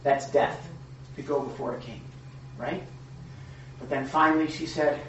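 A man's voice: fairly high pitch, steady tone, unhurried, long pauses, fairly bright tone, lo-fi sound, a little hiss or hum. Man preaching in an echoey room. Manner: conversational, rambling with restarts and rhetorical "right?". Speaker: pastor. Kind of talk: sermon. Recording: echoey room, mic far off.

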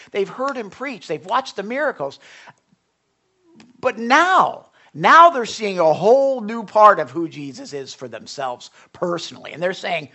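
A man's voice: sits high, sing-song, normal speed, fairly bright tone. A man of Italian background preaching a sermon as pastor, earnest and conversational, with frequent restarts.

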